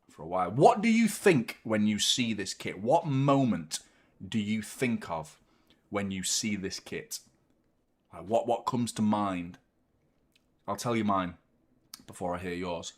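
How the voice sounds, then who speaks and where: A man hosting a live football watchalong, chatting casually with animated, sweary banter. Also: on the low side. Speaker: host of a football fan watchalong.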